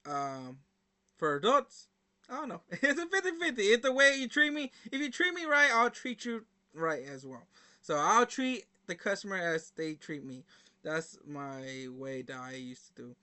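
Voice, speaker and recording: A young man with a high, bright voice chats casually to his viewers. He rambles through his stories with plenty of fillers and slang, in a loose, informal way. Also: sing-song, normal speed. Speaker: reaction video host. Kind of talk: casual storytelling to camera.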